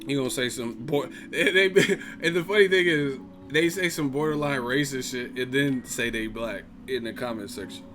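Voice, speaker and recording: A man's voice: medium pitch, normal speed, few pauses. Cast a male boxing stream host, heated and profane, faint music behind. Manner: profane, heated, laughing mid-sentence. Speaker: host of a boxing live chat. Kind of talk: live stream rant.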